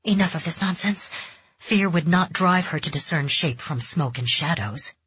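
A woman narrating a dark fantasy audiobook in measured, tense storytelling. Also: fairly low pitch, animated, slightly rough, dry recording. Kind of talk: scripted narration. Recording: dull, dry close recording.

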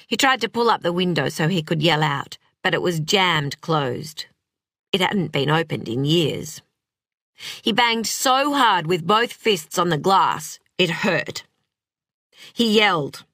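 A woman narrating a novel with an expressive, dramatic delivery. Her voice is bright and forceful, and she reads at an unhurried pace. The close studio recording is completely dry. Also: on the low side, no room sound. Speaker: audiobook narrator. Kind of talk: scripted narration.

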